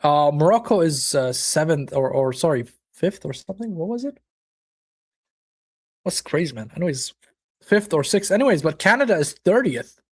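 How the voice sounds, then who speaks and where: A man's voice: a little high, expressive, normal speed, slightly rough. A man hosting a live football watchalong, chatting casually, reacting to the match and viewers' comments, with occasional swearing. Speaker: watchalong host.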